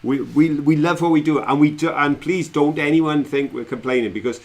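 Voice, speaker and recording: A man's voice: on the high side, moderate pace, darkish tone. A man co-hosting a casual live stream, rambling and chatty, laughing often as he talks. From England.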